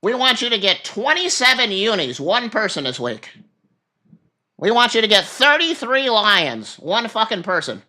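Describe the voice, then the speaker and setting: A man's voice: very animated, moderate pace, sharp tone, exaggerated voice. A man mimicking a greedy app company boss who makes demands of users. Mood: mocking. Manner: mocking, high-pitched mimicry.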